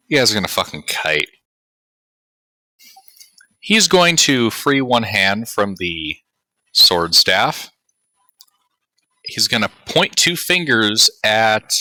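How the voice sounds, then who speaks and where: A man running a tabletop game as game master, casual and quick to correct himself. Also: lowish voice, bright, forceful tone, no room sound, studio quality. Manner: casual, swears, apologizes for rule slips.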